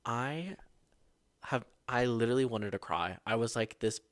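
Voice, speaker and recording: A young man with a middle-pitched voice, recorded close and dry with no room sound. He tells his stories with sassy, overdramatic flair and swears freely, like a casual podcast host. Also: fairly quick, no echo. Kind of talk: casual storytelling monologue.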